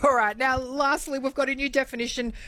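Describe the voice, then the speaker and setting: A woman's voice: sits high, steady tone, brisk, a bit bright. A woman co-hosting a radio show, chatty and anecdotal, laughing easily. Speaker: radio co-host. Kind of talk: casual chat.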